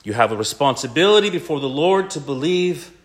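A man's voice: fairly high pitch, lively intonation, a little fast. Earnest male preacher mid-sermon.

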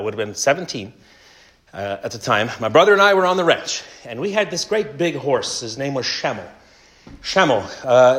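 A man's voice: medium pitch, fairly bright tone. A Canadian man telling a funny story in a casual sermon, with self-mocking humor. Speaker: preacher.

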